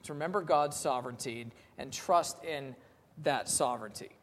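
A man preaching a sermon in a plain-spoken, conversational way, reading scripture aloud slowly. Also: medium pitch, in a large hall, a little hiss or hum.

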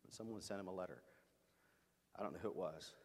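A man's voice: deep voice, fast talker, a little mellow, in a large hall. A middle-aged male pastor preaching a sermon, in an emphatic, storytelling way.

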